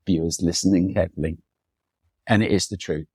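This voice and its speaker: Middle-aged guest, low voice, dry close sound, enthusiastic storyteller. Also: male voice, fairly even intonation, a little fast, a little mellow, slightly rough, no echo. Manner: enthusiastic, chatty anecdotes with acted quotes. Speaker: photographer guest. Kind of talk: storytelling conversation.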